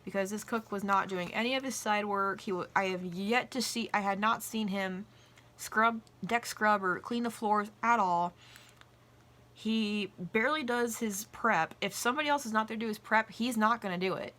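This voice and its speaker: A young adult woman vlogger casually telling work stories in an animated way, swearing freely. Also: mid-range voice, moderate pace. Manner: animated, acts out quoted voices, swears casually. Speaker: vlogger and restaurant worker. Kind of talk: casual storytelling.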